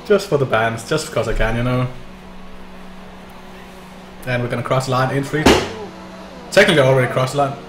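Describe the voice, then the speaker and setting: A man talks his way through a sim race on stream, dry and sarcastic, cursing and poking fun at himself. His voice sits in an ordinary middle pitch. The mic picks up a roomy echo and a faint background hum. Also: steady tone, fairly quick, pauses often, a bit bright. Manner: sarcastic, swearing, self-mocking. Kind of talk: casual gameplay commentary.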